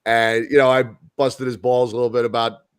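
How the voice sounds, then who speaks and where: A man's voice: medium pitch, level tone, a little fast, clear, resonant tone, no echo, clean studio sound. A man co-hosting a sports podcast in casual chat, telling a story in a rambling way with many restarts. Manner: rambling storyteller who repeats himself and acts out quoted talk. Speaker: podcast co-host.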